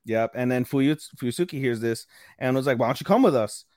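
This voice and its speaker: Speaking briskly in a darkish, mid-pitched voice, this podcast co-host gives a loose, rambling recap of an anime episode, fumbling names and cursing occasionally. The audio is clean studio quality without any room sound.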